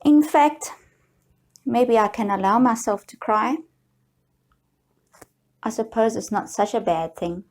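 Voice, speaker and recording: A woman guiding viewers through a slow, soothing tapping session, leading them in repeated affirmations. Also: fairly high pitch, animated, a little mellow. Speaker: EFT tapping guide.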